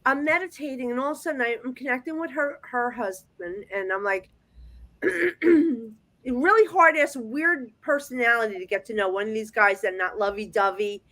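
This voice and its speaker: A woman with a slightly raised voice tells her readings as a medium in a chatty, animated flow, often restarting her sentences as she goes. She speaks over a video call. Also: a little high, normal speed. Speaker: psychic medium guest. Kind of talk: casual storytelling chat.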